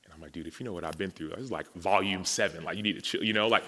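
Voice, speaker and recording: Speaking very fast in a deep, slightly rough voice, a man gives his testimony to an audience at a men's gathering in a large, reverberant hall. He tells it as a story, performing the dialogue he remembers and growing emotional and animated.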